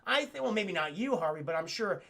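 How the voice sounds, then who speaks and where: A man voicing a scheming male mob boss who makes slow, smug threats. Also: high-pitched, animated, gravelly, sharp tone, full character voice.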